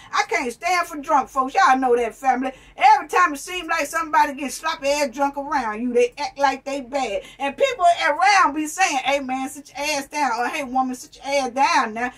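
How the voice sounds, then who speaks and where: A woman's voice: high-pitched, normal speed, few pauses, fairly bright tone, distant mic. A woman raised in New York, giving a blunt, profane, preachy commentary rant straight to her viewers, calling them family and honey. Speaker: commentary vlogger. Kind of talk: ranting commentary.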